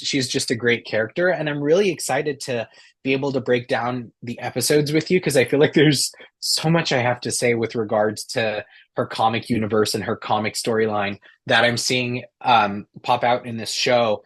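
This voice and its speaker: Husky-voiced man rambling about comics. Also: mid-range voice. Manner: rambling, enthusiastic, many fillers and restarts. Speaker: podcast co-host. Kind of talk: casual fan discussion.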